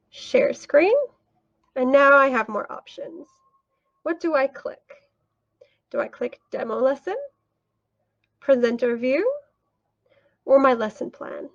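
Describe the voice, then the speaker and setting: A woman teaching English online, walking through screen sharing and acting out a mock class, patient and unhurried, laughing lightly now and then. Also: high voice, sing-song, vocal fry, highs cut off.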